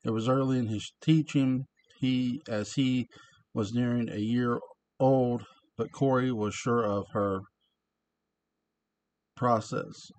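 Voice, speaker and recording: A man's voice: mid-range voice, fairly even intonation, takes it slowly, long pauses, darkish tone, no echo. A man casually reading a book aloud, stumbling on words and breaking off into chatty asides. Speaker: reader of a book. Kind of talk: casual read-aloud narration.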